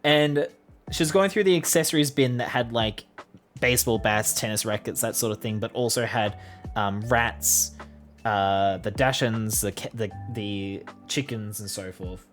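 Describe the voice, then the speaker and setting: Low-voiced woman telling a story. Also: measured pace, faint music behind. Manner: chatty, rambling with fillers. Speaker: vlogger. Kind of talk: casual storytelling.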